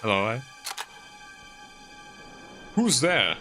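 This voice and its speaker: Man doing gruff older scrapyard owner, attempted Texan drawl, folksy, suspicious, bright voice, faint music behind. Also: medium pitch, sing-song, drawn-out words, heavily acted.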